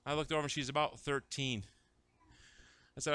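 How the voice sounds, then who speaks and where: A man preaching a sermon, shifting between conversational asides and shouted, dramatic retellings of scripture. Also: medium pitch, fairly even intonation, moderate pace, clear, resonant tone, no room sound. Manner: acts out scripture voices dramatically. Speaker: pastor.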